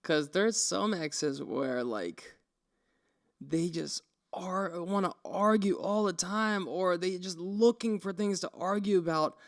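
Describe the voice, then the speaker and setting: Speaking slowly in a high voice, a young man co-hosts a podcast and tells stories casually. He's an animated storyteller who acts out the quotes in the chat.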